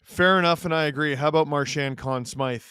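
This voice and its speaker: A man calls a game live as he watches, his high, sharp voice jumping into shouts when a big chance comes. He talks in an excitable, running stream of play-by-play. The sound is dry and close, with no room echo. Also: brisk, clear, resonant tone.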